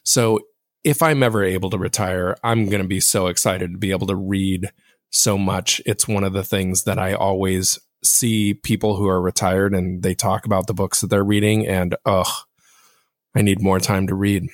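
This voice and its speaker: A low-voiced man with a fairly monotone delivery hosts a casual solo podcast, talking directly to his listeners at a moderate pace in a reflective, self-deprecating way. The recording is dry and close-miked, with no echo or room sound.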